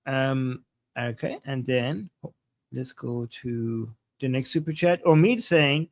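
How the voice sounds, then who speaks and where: A man hosting a political livestream reads out viewers' super chats and reacts in a casual, upbeat way with quick acknowledgments. His voice is medium-pitched, and there's no echo.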